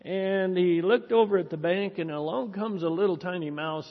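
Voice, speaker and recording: A man's voice: on the high side, normal speed, few pauses. A man preaching a sermon that ends in prayer, with an earnest, exhorting manner. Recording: dull recording in a reverberant hall.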